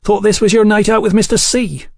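A man voicing a raucous, big-boned young woman lodger who teases boldly in a clearly raised voice. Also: high voice, steady tone, brisk, a little mellow, no echo, studio quality, pitched above the performer's own voice. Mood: teasing. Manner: bold, teasing.

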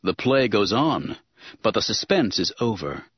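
A man giving dramatic, expressive audiobook narration. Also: lowish voice, a little slow, breathy edge, dry recording. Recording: dull recording with music underneath.

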